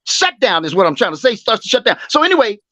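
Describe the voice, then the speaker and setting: A man's voice: high-pitched, sing-song, fast talker, bright, forceful tone, no echo. A man co-hosting a boxing talk show, rambling and profane, full of fillers and emphatic asides. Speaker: boxing podcast co-host. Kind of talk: heated casual boxing talk. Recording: dry, slightly dull sound.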